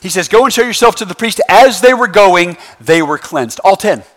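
Lively high-voiced pastor preaching. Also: male voice, moderate pace. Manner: lively, conversational preaching with constant "right?" asides; casual slangy phrasing. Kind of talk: sermon. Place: church sanctuary with congregation.

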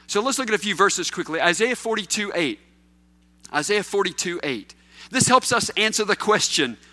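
A man preaching a sermon to his congregation, swinging between loud emphatic questions and quiet low asides. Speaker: pastor.

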